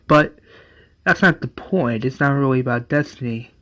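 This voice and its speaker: A man's voice: medium pitch, moderate pace, fairly bright tone, poor audio. A man casually retelling a fan-made superhero story, rambling and using many fillers.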